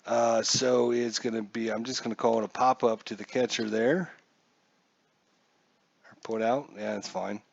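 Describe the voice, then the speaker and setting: Slow, jokey man narrating a dice game. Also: medium pitch, gravelly, dry recording, lo-fi sound. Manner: chatty, jokey, talks to himself while checking charts. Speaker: tabletop dice baseball player and narrator. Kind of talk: casual play-by-play of a solo dice game.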